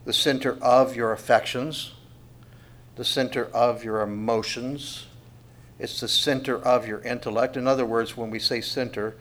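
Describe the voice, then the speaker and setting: Man, middle-aged, mid-pitched voice, bible teacher, conversational, rhetorical questions, emphatic. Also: fairly bright tone.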